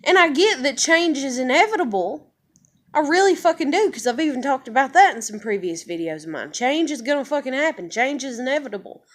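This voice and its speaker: A woman's voice: high-pitched, big pitch swings, fairly quick. A woman vlogger venting to the camera in a casual, frustrated rant that is full of swearing. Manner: frustrated, heavily profane ranting.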